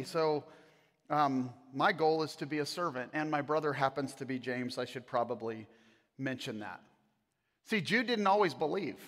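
A man, a pastor, preaching a sermon in a casual, animated way, with jokes and asides to the congregation. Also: on the high side. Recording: long hall reverb.

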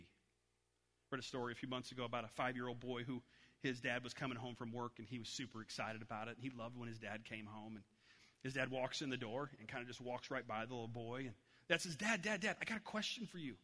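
A man's voice: mid-range voice, level tone, a little fast, fairly bright tone. A man preaching a sermon, telling a story and acting out its voices. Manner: storytelling, acts out voices in anecdotes. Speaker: pastor. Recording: long hall reverb.

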